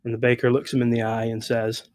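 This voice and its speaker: A man narrates a silly story during a video call game. He delivers the jokes deadpan and playful, keeping the story rolling in an easy, steady way. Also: mid-range voice, fast talker. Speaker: player. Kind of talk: comic storytelling. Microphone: webcam video call.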